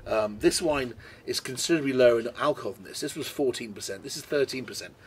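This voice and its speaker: A man's voice: medium pitch, fast talker, slight background noise. Chatty British man tasting wine. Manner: chatty and enthusiastic, tastes and comments as he goes. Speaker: wine presenter. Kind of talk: casual wine tasting video. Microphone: camera mic.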